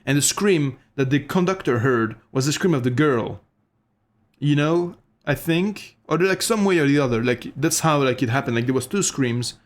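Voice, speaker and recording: A man's voice: mid-range voice, animated, normal speed. A man streaming a game, chatting casually in a rambling, profane, self-mocking way. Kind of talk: casual gaming commentary. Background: game music.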